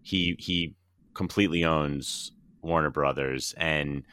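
Brief: very deep male podcast host, crisp and bright, leads the talk. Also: steady tone, slow, dry recording, clean studio sound. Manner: leads the segment, recaps and asks the others in turn. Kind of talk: casual chat.

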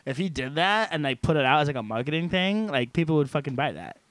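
A man with a fairly high voice bounces up and down through his pitch as he riffs and jokes, laughing between lines. The sound is dry and close-miked. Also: no room sound. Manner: joking, animated, quick to laugh. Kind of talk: casual chat.

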